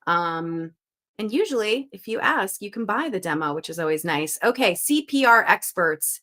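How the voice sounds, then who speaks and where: A woman's voice: mid-range voice, lively intonation, normal speed, pushed and bright. A young woman hosting a live puzzle stream, chatting casually and reading out viewers' guesses with upbeat energy. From Western Canada.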